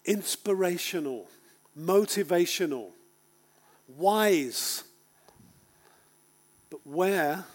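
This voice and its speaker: A man preaching a sermon to a congregation, emphatic, with dramatic pauses and rhetorical questions. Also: on the high side. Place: speaking to a congregation.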